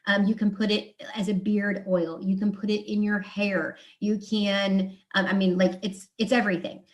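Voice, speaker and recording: Speaking at a medium pitch with a somewhat bright tone, a female beauty consultant presents products live. She's enthusiastic and chatty, tossing in quick asides and acting out quotes.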